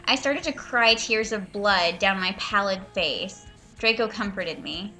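A woman reads a story aloud over a voice call and mocks it as she goes. Her voice is bright and forward, and her delivery is sarcastic and full of swearing. She is at a middle pitch for a woman. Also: measured pace, soft background music. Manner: sarcastic, swearing, breaks into laughter. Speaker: reader and commentator. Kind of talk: mocking dramatic reading with commentary.

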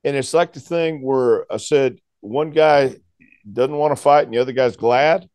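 A man's voice: medium pitch, a little slow, dry recording, studio quality. A man in his sixties, a guest telling a long story in conversation and acting out the other people's voices. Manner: animated storyteller who acts out voices.

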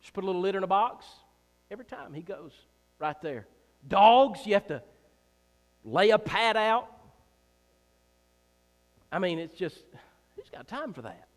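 A man preaching a sermon in a church, emphatic and repetitive, swinging between loud and soft, with joking asides. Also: high-pitched, very animated, a little slow, pauses often. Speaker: pastor. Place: church sanctuary. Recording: reverberant church hall.

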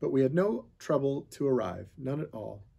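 A man's voice: medium pitch, very animated, moderate pace, gravelly, mellow, husky, exaggerated voice. A man voicing a polite middle-aged father, in a read-aloud story. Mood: courteous. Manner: formal, courteous phrasing.

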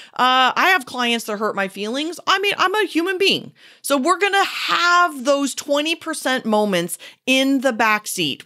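A woman hosting a solo podcast as a former therapist, talking casually and emphatically, swinging between punchy loud bursts and slow quiet stresses. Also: high-pitched.

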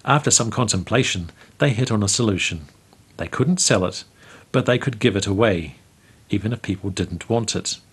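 A man reads a memoir aloud at an unhurried, storytelling pace. His voice is husky and sits a little low. He hosts the segment as its narrator. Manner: measured, storytelling delivery. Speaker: host reading local history stories.

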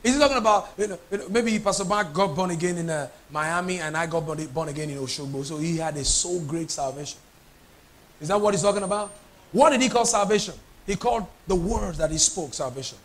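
A man's voice: sits high, a little fast. A man preaching a sermon as pastor, emphatic and repetitive, putting questions to his congregation.

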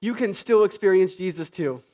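A man preaching a conversational sermon, animated and sarcastic at times, moving from quiet asides to loud, passionate peaks. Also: high-pitched, normal speed. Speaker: pastor.

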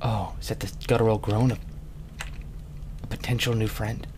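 A man's voice: on the low side, steady tone, normal speed, background noise. A man giving casual, playful game commentary, goofing around and slipping into silly voices as he plays. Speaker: let's play gamer.

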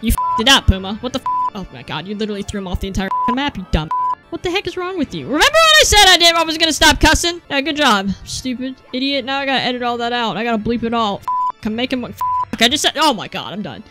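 A young woman giving excited commentary while playing a video game, yelling at the screen and muttering to herself. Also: fairly high pitch, quick pace. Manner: animated, yelling at the game, swings from mutters to shrieks. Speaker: gameplay streamer. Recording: faint game music behind.

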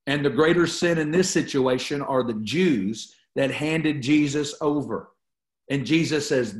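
The sound is roomy as a man with a slightly high voice speaks a little slowly. Leading a Bible study, he reads passages of scripture and preaches on them in a teaching sermon, repeating key phrases for emphasis.

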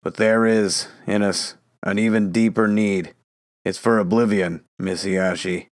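A fanatical, smooth-talking psychiatrist, played by a man in an audio drama, lecturing in a low voice that swells into a rant. The sound is dry and close, with no room around it. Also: steady tone, a little slow, no room sound. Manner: lecturing, building to a ranting tirade.

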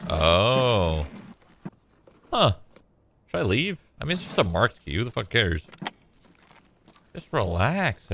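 Relaxed swearing male streamer, bright voice. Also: on the low side. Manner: laid-back, joking, swears often. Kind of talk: casual gameplay commentary.

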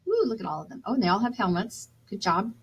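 A woman's voice: mid-range voice, very animated, fast, breathy edge, dull audio. A woman teacher reading a picture book aloud to children, chatty and encouraging, asking her listeners questions.

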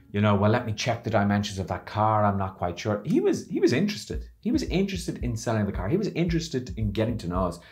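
A man who works as a business coach, telling a story in a casual, animated and theatrical way to camera. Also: mid-range voice. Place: lives in Barcelona.

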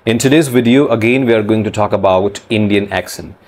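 A man hosting an English pronunciation lesson, explaining sounds slowly and repeating phrases to demonstrate them. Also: fairly low pitch, a little mellow.

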